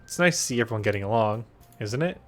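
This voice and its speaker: A man reading aloud the lines of a cheerful teenage girl who runs a school club, in a soft, sweet delivery. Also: on the low side, lively intonation, fast, soft background music. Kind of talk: reading a visual novel aloud.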